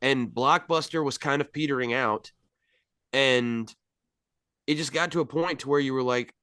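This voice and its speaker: Brief: digressive storyteller in casual podcast chat, mid-pitched, dry close sound. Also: male voice, normal speed, sharp tone, clear, resonant tone, no room sound. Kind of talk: casual movie review chat.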